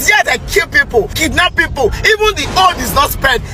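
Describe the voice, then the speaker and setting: A Nigerian man delivering an angry political rant, shouting and cursing in fury. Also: very high voice, lively intonation, a little fast, music in the background, crowd noise. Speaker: political commentator.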